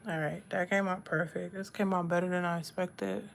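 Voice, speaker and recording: A woman's voice: fairly low pitch, steady tone, moderate pace, gravelly, slight background noise. A woman chatting casually with her livestream viewers while she does her makeup and reads comments aloud. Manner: laid-back, talks to chat, reads comments aloud. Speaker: livestream host.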